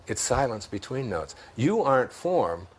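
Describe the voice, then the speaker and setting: Husky man with a Detroit accent. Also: mid-range voice, sing-song, unhurried. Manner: thoughtful, laughs often while telling stories. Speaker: interview guest. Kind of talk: reflective spiritual interview talk.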